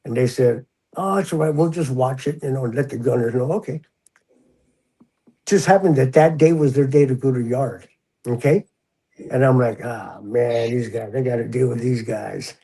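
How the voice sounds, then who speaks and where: A man's voice: mid-range voice, normal speed, warm tone, slightly rough, poor audio. An older man, a retired prison officer, tells a story in a casual interview and acts out the voices he quotes.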